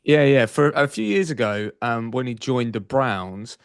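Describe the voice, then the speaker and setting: A man's voice: mid-range voice, animated, measured pace, clear, resonant tone, no room sound, clean studio sound. A man hosting a podcast, chatting energetically with frequent fillers. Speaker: podcast host. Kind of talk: casual podcast interview.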